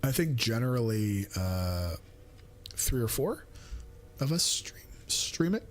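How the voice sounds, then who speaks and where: Man, game streamer, slow talker, mid-pitched, distracted, thinks aloud, self-mocking. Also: sing-song, a little hiss or hum. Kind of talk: casual live-stream chat while playing.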